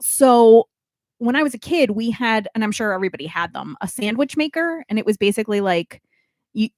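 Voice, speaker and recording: A woman's voice: on the high side, lively intonation, a little fast, darkish tone, dry recording, clean studio sound. A woman co-hosting a podcast, chatting casually and telling rambling anecdotes. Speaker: podcast co-host.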